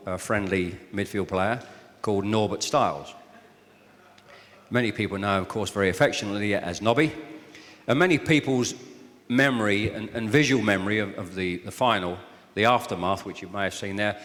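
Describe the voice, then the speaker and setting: A man's voice: lowish voice, a bit bright. Older southern English man, hall echo. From southern England. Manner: jokey, teasing the audience. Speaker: guest speaker. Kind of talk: after-dinner anecdotal speech. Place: function hall with live audience. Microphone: handheld or stand microphone. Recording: long echo of a large hall.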